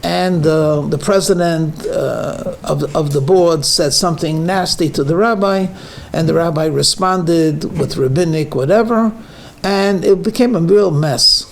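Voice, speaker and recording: A rabbi delivers his weekly lecture in a fairly high, slightly slow male voice with vocal fry and a faint hiss or hum. It's a sermon mixing jokes and teaching: he tells stories, uses plenty of fillers, and stresses particular words to show how emphasis shifts meaning.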